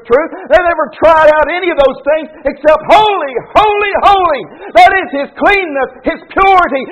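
A man's voice: extremely high pitch, poor audio. A man preaching a sermon, emphatic, repeating key words and lifting his voice on the points he stresses. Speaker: pastor.

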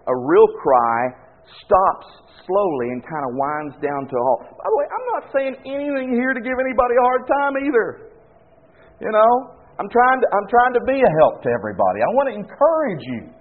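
A male preacher delivers an emphatic sermon, his pitch leaping and falling as he presses each point. His voice is slightly raised and husky. The recording sounds thin and tinny, like a phone line. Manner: animated, emphatic, repeats phrases.

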